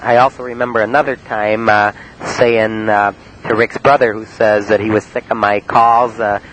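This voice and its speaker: Halting man, low voice, hissy old cassette. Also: rough recording. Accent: Cleveland, Ohio. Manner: halting, full of uh and um, flat telling. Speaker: narrator recounting his prank calls. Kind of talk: rambling spoken-word monologue. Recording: faint hiss on an old cassette tape.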